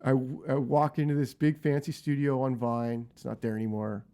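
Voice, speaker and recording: A man in his fifties, a guest guitarist in a casual interview, telling lively stories with frequent restarts. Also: mid-range voice, moderate pace.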